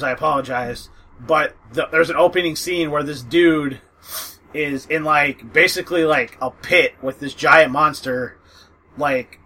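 A man with a bright, slightly high voice rambles through a casual chat about books. He piles on fillers, swears freely and breaks into laughter. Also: husky, poor audio. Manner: rambling, lots of fillers and profanity, laughs often. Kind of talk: casual book recommendation chat.

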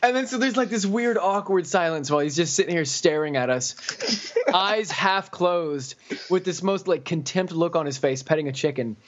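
Rambling storytelling podcast man, fairly high voice. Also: normal speed, lo-fi sound, a little hiss or hum. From Florida, US. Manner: rambling, full of "like" and "you know", laughing at his own story. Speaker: podcast co-host. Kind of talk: casual storytelling chat.

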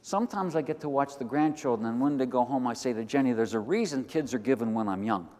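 An older man preaching a sermon as pastor, animated, moving between quiet asides and loud emphatic lines. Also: medium pitch, fast talker. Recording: long hall reverb.

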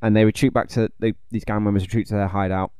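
A man's voice: on the low side, fast, smooth, dry recording, studio quality. A man co-hosting a podcast, speaking wryly in casual chat with many fillers. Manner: wry, deadpan, with filler likes. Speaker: podcast co-host.

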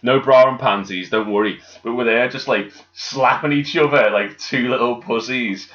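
A man's voice: mid-range voice, moderate pace, fairly bright tone. A man from Birkenhead with a Merseyside accent, telling jokey, cheeky anecdotes in casual chat and acting out the quotes. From Birkenhead, England. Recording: dull lo-fi sound.

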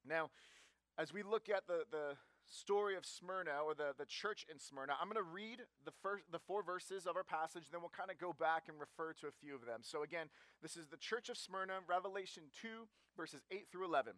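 A male pastor in his thirties delivers a sermon in a loose, conversational way, often pausing on fillers. His voice sits a little high for a man. The sound is close and dry, with no room around it. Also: a bit bright, no echo. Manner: conversational, self-deprecating, with fillers and restarts.

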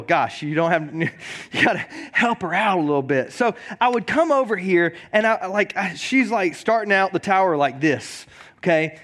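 Male pastor, slightly high voice, chatty joking sermon with stumbles and repeats. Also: animated, fairly bright tone. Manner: conversational and joking, repeats words; reads scripture slowly and deliberately.

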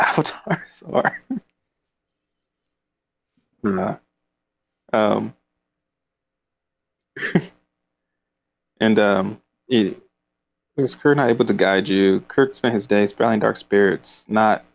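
His voice sits on the low side, gravelly and slow, with frequent pauses. He's a man chatting about a book, reading passages and rambling, laughing and using filler words often.

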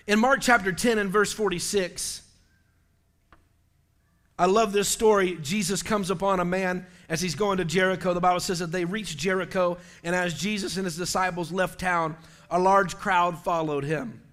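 High, bright-voiced preaching man. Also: fairly even intonation, normal speed. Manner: impassioned preaching, rising to shouts. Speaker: pastor. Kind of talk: sermon.

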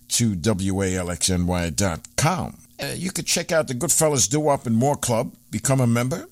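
A man's voice: fairly low pitch, dry recording. New guy hosting oldies radio, chatty, ums a lot, bouncy voice, dry mic. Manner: animated, chatty, many fillers. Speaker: radio show host. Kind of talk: casual radio chat.

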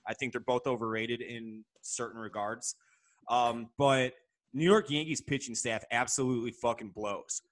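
A man's voice: medium pitch, fairly even intonation, normal speed. A man co-hosting a podcast who rants with strong opinions and casual swearing. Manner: opinionated, ranting, profane. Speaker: podcast co-host.

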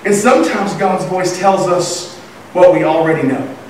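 High-voiced pastor preaching in an echoey hall. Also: male voice, normal speed, slight background noise. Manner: animated storytelling, acting out voices. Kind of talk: sermon. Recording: echoey room from far off.

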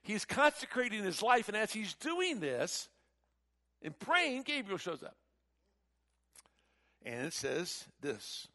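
A man preaching a sermon, animated and emphatic, with frequent rhetorical questions. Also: high-pitched, measured pace.

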